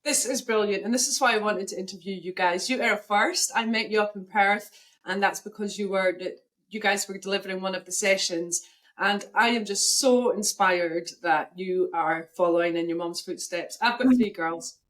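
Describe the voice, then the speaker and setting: A woman's voice: medium pitch, normal speed, a bit bright. A woman with a Scottish accent hosting a casual interview over a video call, effusive and enthusiastic. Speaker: podcast host.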